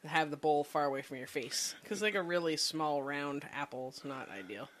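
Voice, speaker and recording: A podcast co-host chatting casually from a futon at home, teasing and bantering quickly. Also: mid-range voice, fairly bright tone, slight background noise. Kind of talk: casual chat.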